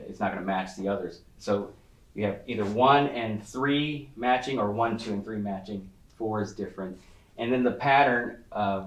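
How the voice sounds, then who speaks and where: A man giving an online literature lecture, explaining in a thoughtful, searching way with frequent pauses, heard over a video call. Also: lowish voice. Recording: echoey room, distant from the mic.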